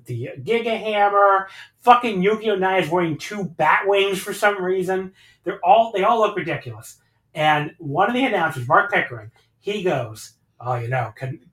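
A man hosting a podcast, recapping matches in casual chat, animated and swearing freely as he rambles through the action. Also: high-pitched, a little fast, reverberant, rough recording. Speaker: podcast host.

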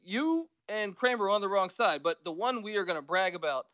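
A man calling in as a podcast guest on a cell phone with earphones, telling rambling, excitable stories. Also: sits high, a little fast, no echo. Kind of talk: casual sports chat.

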